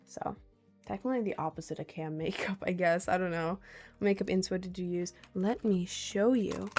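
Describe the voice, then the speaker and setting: A woman's voice: fairly low pitch, steady tone, normal speed, darkish tone, faint music behind. A young woman livestreaming, chatting casually and reading out viewers' comments with frequent laughs. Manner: rambling and giggly, reading out chat.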